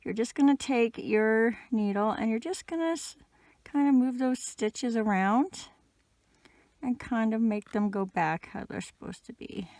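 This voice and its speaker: A woman giving a casual, patient step-by-step crochet tutorial, talking gently with the odd "um". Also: fairly high pitch, a little slow, dry recording. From Canada. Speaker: crochet instructor.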